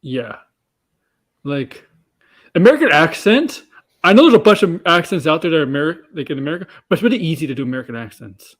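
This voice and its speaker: A man's voice: fairly high pitch, very animated, fast talker, fairly bright tone. A man co-hosting a casual chat show, rambling with restarts and frequent laughs. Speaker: podcast co-host.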